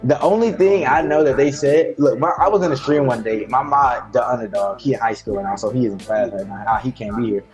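A man, a streamer guest, telling stories in casual chat, profane and animated, acting out what others said. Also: medium pitch, music in the background. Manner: fast, profane storytelling, acts out quotes.

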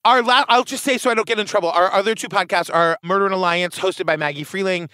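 A man's voice: high-pitched, quick pace, bright, forceful tone, smooth, no echo, studio quality. Eager chatty man on a podcast. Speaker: podcast guest. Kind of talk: casual chat.

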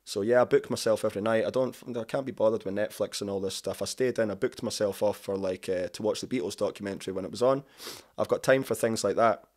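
A man's voice: on the low side, fast talker, hardly any pauses, a little mellow. A middle-aged man, a musician, chatting casually in an interview, rambling and enthusiastic. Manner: rambling and enthusiastic, lots of "you know". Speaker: musician guest.

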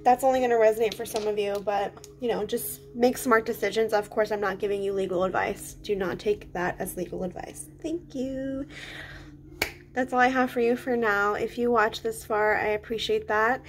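A woman's voice: medium pitch, steady tone, moderate pace, soft background music, poor audio. A woman with a slight lisp doing a casual tarot reading, musing aloud as she draws cards, recorded on a phone. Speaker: tarot reader.

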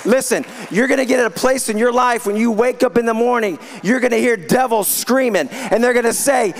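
A man's voice: very high voice, brisk, few pauses, some chatter behind. A man preaching to a live congregation, fired up and telling stories with exclamations. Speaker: guest preacher.

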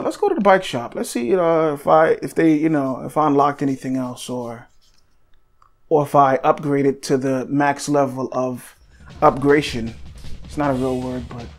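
A man giving casual, rambling gameplay commentary, joking around with sudden excited outbursts. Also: a little high. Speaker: gaming channel host. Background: game music.

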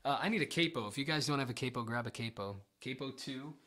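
A man's voice: medium pitch, quick pace, sharp tone. A man teaching guitar on a casual livestream, chatty, rambling and self-deprecating.

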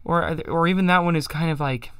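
A man's voice: on the high side, brisk, fairly bright tone, clean tone, dry recording, clean studio sound. A man hosting a livestream, chatting casually and self-deprecatingly about chant and singing psalm tones to show them. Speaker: livestream host. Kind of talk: casual chat with sung chant demos.

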